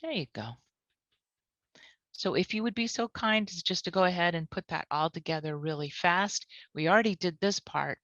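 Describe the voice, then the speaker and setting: A woman trainer leading a guided tapping lesson, calmly repeating short phrases as she walks through the points. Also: lowish voice, no room sound. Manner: calm, repeats phrases slowly. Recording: dull lo-fi audio.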